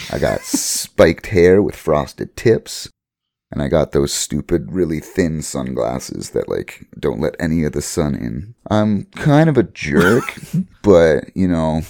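Deep gravelly man cracking jokes. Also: no echo. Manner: joking, deadpan quips. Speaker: podcast co-host and player. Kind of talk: casual tabletop game chat.

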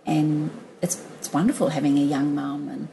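A woman's voice: sits low, fairly even intonation, moderate pace, vocal fry, mellow, a little hiss or hum, rough recording. A middle-aged woman from Australia, chatty and laughing often as she tells her story in a casual interview, with many restarts. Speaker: guest.

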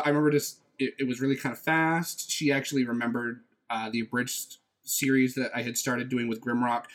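A man co-hosting a podcast, telling a story in an animated, casual way. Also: medium pitch. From United States. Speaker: podcast co-host. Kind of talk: casual chat.

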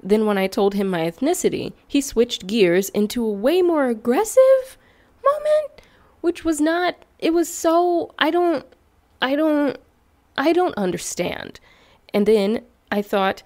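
A young woman chatting casually to her viewers in a vlog. She talks in an animated way, swoops up in pitch on questions and asides, and laughs often between thoughts. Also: measured pace. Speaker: YouTuber.

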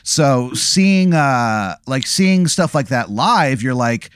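A man's voice: mid-range voice, lively intonation, takes it slowly, clean tone, dry recording, clean studio sound. A man casually spinning a made-up scenario, full of fillers and restarts, as a podcast co-host. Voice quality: rambling, filler-heavy storytelling. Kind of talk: casual comedic chat.

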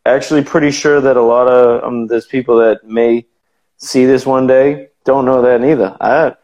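A man's voice: mid-range voice, steady tone, moderate pace, darkish tone, lo-fi sound. A man from Massachusetts with a Boston accent, a guest telling stories in casual chat, rambling with many restarts.

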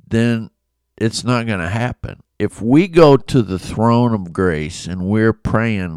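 A man's voice: lowish voice, slow, darkish tone, clean tone, no echo, clean studio sound. A man giving a casual, conversational Bible lesson, acting out the people in the story. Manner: conversational, acts out quoted voices. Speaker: Bible teacher.

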